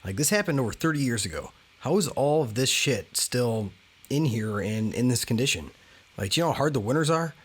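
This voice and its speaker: A man's voice: mid-range voice, expressive, a little fast, husky. A man hosting a travel vlog, talking casually with wry, candid asides. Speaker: travel vlogger.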